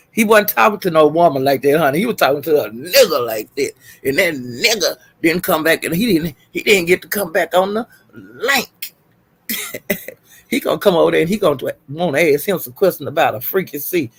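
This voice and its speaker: A man's voice: on the high side, animated, moderate pace, pauses often, husky. A man livestreaming, telling gossip in a casual chatty way, laughing often and calling out "child" and "honey".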